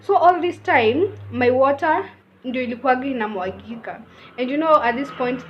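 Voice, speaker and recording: A woman's voice: sits high, normal speed, highs cut off, a little hiss or hum. A young woman with a Kenyan accent telling a personal story in a casual, chatty way, mixing in Swahili phrases. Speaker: vlogger.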